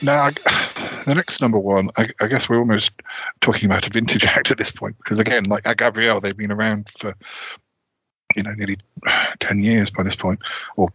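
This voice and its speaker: A man with a low, flat, husky voice muses casually about music and trails off. His tone has a bright edge, and the sound is dry and close. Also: a little fast, no room sound, rough recording. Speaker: podcast co-host.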